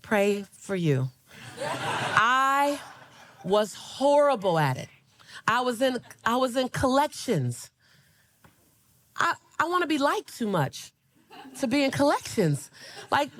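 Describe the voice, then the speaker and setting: A woman in her forties delivers a motivational keynote in a high, swooping voice. She tells stories animatedly, laughing as she goes and tossing call-and-response asides to the crowd. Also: big pitch swings, a little slow, long pauses, fairly bright tone. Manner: laughs through her lines. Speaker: motivational speaker.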